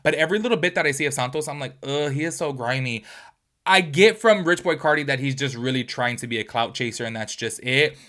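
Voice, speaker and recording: A man's voice: a little high, fast, few pauses. A man hosting a reaction video, talking in a casual, gossipy way with lots of "like" and "y'all". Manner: animated, chatty, full of "like" and "y'all".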